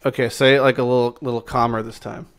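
A man streaming a video game who comments excitedly and swears at rare loot. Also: mid-range voice, quick pace, gravelly. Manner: excitable, swears often, shouts in surprise. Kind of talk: gameplay commentary.

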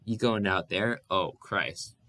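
A man's voice: sits low, steady tone, measured pace, a bit bright. A man voicing a ragged, worn-out migrant who talks in a rural drawl in a storybook reading.

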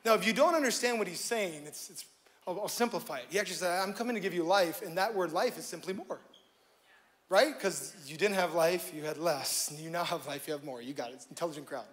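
A male pastor preaching to a live congregation, joking and shifting between loud bursts and hushed moments. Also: sits high, fast. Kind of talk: sermon. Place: church stage before a live congregation.

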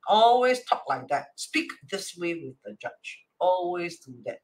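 Singaporean teacher with a bright voice. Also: mid-range voice, very animated, moderate pace, hardly any pauses. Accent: Singaporean English. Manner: acts out quoted dialogue, constantly checks with "right?"; mixes in Chinese and Hokkien words. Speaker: Chinese metaphysics teacher. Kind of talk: explaining a divination chart reading.

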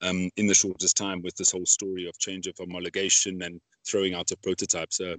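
A man's voice: sits low, monotone, quick pace, fairly bright tone, dry recording. A man hosting a casual podcast interview, rambling with many fillers and asking leading questions. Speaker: podcast host.

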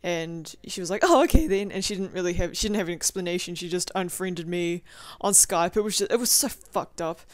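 Rambling young woman with a smooth voice. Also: on the low side, fairly even intonation, fairly quick, dry recording. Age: young adult. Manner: rambling, profane, filler-heavy with lots of "like". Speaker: vlogger. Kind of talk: casual video diary.

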